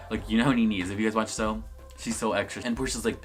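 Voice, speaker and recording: A man's voice: on the low side, fairly even intonation, quick pace, a bit bright. A young man giving a casual, sassy review of a reality TV episode, swearing freely. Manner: sassy, swears a lot, acts out the cast in quotes. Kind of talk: casual vlog commentary.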